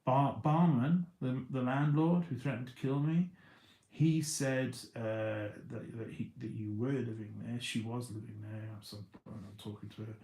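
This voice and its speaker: A man's voice: mid-range voice, a little slow, dark tone. Rambling man in an echoey room. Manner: rambling, stumbling restarts and repeated words. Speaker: livestreamer. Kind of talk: casual livestream storytelling.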